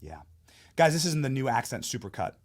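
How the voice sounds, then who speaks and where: In a medium-pitched, sing-song voice, a little fast, a man delivers a heated, mocking, emphatic monologue of opinionated commentary as host of a political show.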